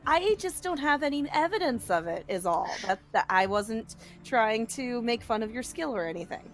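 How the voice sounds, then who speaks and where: A woman's voice: a little high, lively intonation, normal speed, music in the background. Woman playing a dry, practical adventurer. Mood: defensive. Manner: hesitant, matter-of-fact. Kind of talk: in-character tabletop role-play.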